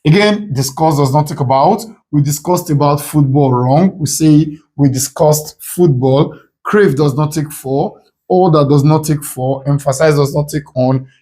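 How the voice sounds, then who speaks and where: A man from Nigeria teaching an exam-prep English grammar lesson. He repeats each rule several times and slows down to stress the quoted options. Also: on the high side, dark tone.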